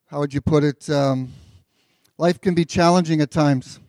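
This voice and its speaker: A pastor giving a sermon in a relaxed, conversational way, with filler words and joking asides, as he reads and explains scripture. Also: a little high, normal speed, no room sound, clean studio sound.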